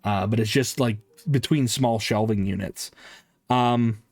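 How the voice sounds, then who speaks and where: A man's voice: fairly low pitch, measured pace, dry recording, studio quality. A man narrating a tabletop game as game master, loose and rambling with many fillers.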